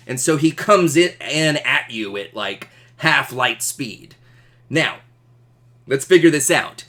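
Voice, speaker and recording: A man teaching an astronomy class, animated and jokey, asking questions. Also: mid-range voice, slow pace. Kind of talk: classroom lecture.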